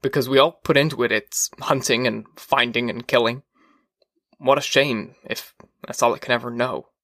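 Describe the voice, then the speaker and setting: A man voicing an uneasy, brooding fireman in an audiobook reading, hesitant and quiet. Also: mid-range voice, fairly even intonation, moderate pace, dry recording, clean studio sound, lightly acted.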